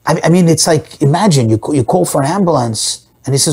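A man's voice: fairly high pitch, brisk, few pauses, breathy edge. A man teaching a Torah class, explaining a text with rhetorical questions and Hebrew and Yiddish terms mixed into his English. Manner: animated, asks and answers his own rhetorical questions.

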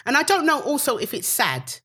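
A woman comedian chatting as a podcast guest, telling stories in a lively way and acting out what other people said. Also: brisk, breathy edge. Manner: animated storyteller, acts out quotes with big pitch jumps. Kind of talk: casual podcast chat.

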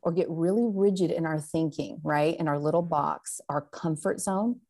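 A woman's voice: low voice, moderate pace, darkish tone. A woman guest on a faith talk show, telling a story animatedly and laughing often.

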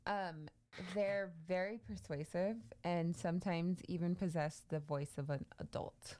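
A woman's voice: lowish voice, fairly even intonation, a little slow, warm tone. A woman hosting a podcast, casually telling a creepy story with lots of fillers. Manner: chatty, many fillers, laughs easily. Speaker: podcast host.

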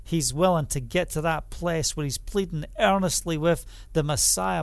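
A man preaching a sermon, emphatic and repetitive, who builds up to loud exclamations. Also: fairly high pitch, moderate pace, gravelly, hardly any pauses, no room sound.

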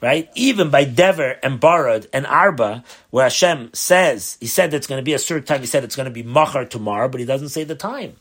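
A man's voice: medium pitch, expressive, a little fast, few pauses, a bit bright. A man, a rabbi, teaching a Torah lesson in earnest, posing questions and mixing Hebrew terms into his English.

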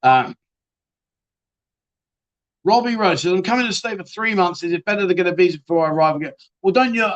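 This man runs a live-stream chat show in a casual, rambling way. He is blunt and chatty and swears freely, and he often restarts mid-sentence as he answers viewers. His voice sits a little higher than most men's. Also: lively intonation, fairly quick, pauses often, lo-fi sound.

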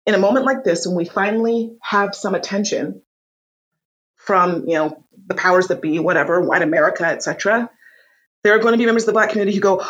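A woman being interviewed in a casual conversation, telling stories with lively energy and frequent restarts. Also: medium pitch, quick pace, poor audio. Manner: animated storyteller, frequent restarts. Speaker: interview guest.

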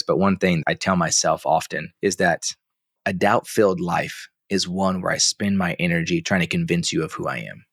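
Man, podcast guest, low voice, dry close sound, animated casual storyteller. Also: creaky, breathy edge, no echo. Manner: animated, acts out quoted dialogue, casual slang. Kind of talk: candid personal storytelling.

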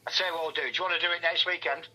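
An English man, a retired DJ, co-hosting a podcast, loud, emphatic and heavily profane. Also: a little high, flat delivery, rapid-fire, low-quality recording. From England. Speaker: co-host, retired DJ. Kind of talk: casual podcast chat.

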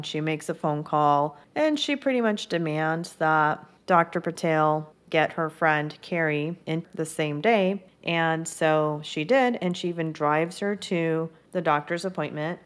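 A woman with a slightly low-pitched voice hosts her own podcast and talks straight to her listeners. She recaps an episode in a chatty, upbeat manner and voices the characters' lines as she tells the story. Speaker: podcast host. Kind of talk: casual solo podcast recap.

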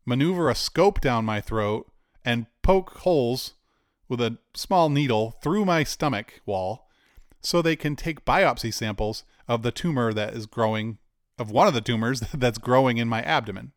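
A man's voice: mid-range voice, normal speed, no echo, studio quality. A man, likely in his forties, telling a candid personal story in a conversational way with asides. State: cancer patient.

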